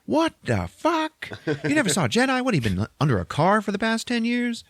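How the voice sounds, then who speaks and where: A man's voice: a little high, big pitch swings, fast talker, fairly bright tone, dry recording, studio quality, voice pushed up. A man voicing a pushy, perky teenage girl yearbook photographer who fires off insistent questions.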